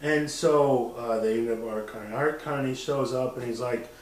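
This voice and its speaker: A man chatting casually on a podcast, animated and profane, often mimicking voices as he talks. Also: medium pitch, moderate pace, recorded from a distance. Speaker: podcast co-host. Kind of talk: casual chat. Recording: roomy, off-mic sound.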